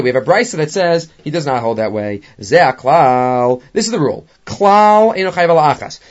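A man teaching a Talmud class, animated, with many rhetorical questions. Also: sits high. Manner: animated, mixes Hebrew and Aramaic terms, rhetorical questions. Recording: dull lo-fi recording.

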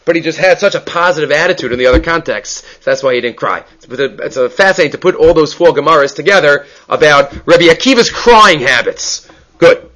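A man teaching a daily Talmud class, animated and fond of rhetorical questions, mixing Hebrew terms into his talk. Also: on the high side, quick pace.

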